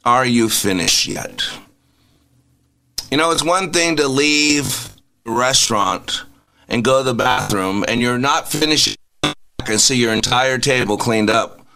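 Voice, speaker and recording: Bright-voiced man preaching on radio. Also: medium pitch, a little slow, soft background music. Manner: rhetorical, repeated questions, preachy rises. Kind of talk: inspirational Christian radio talk.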